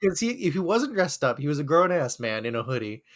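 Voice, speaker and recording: A man's voice: fairly high pitch, sing-song, brisk. A young man co-hosting a podcast, telling a rambling story and laughing often. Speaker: podcast co-host. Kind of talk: casual chat.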